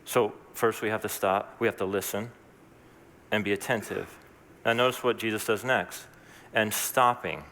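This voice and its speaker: A man preaching in a chatty, earnest way, often restarting mid-thought. His voice sits fairly low but sounds bright and forceful. Each phrase rings out in a long reverb, as in a church hall. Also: fairly even intonation, normal speed, slight background noise. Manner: conversational, earnest, with restarts and asides. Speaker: pastor. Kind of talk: sermon.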